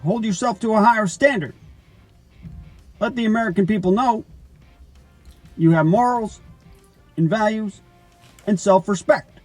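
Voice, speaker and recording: A man doing a comedy impression of a former president on a phone call. He speaks in a stately, lecturing tone, in slow, halting short phrases. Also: high voice, dry recording, faint music behind. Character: impression of a former male president, measured, lofty.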